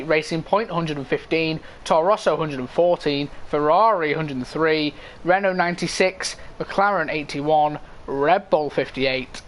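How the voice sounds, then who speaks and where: A faint hum or hiss sits under a fairly high, somewhat bright male voice. The esports commentator covers an online racing league live, reading standings in a relaxed way and chatting with his audience.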